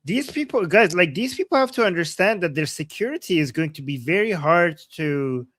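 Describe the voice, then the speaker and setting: Brief: man with a high voice, loose chatty explainer, dry close sound. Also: lively intonation, normal speed, a bit bright, no echo. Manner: explains loosely, laughs often. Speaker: co-host translating a clip. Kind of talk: casual live commentary.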